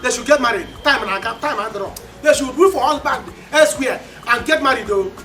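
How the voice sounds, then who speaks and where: Playing a brash Nigerian schemer who bullies her family in a Nollywood film, the actress is loud, boastful and repetitive. Her fairly quick, somewhat high voice stays close to everyday speech, with faint music underneath.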